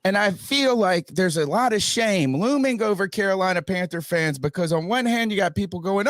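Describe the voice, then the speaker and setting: High-pitched guy hosting a fan podcast, bouncy and playful, dry close sound. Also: brisk, few pauses, no room sound. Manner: animated, playful, mock-panicky. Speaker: podcast host. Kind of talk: casual sports podcast talk. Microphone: webcam and mic on a video call.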